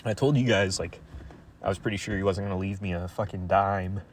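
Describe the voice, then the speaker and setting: A young man talking to his viewers in a crude, rambling monologue, halting with many fillers. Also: sits low, steady tone, slight background noise.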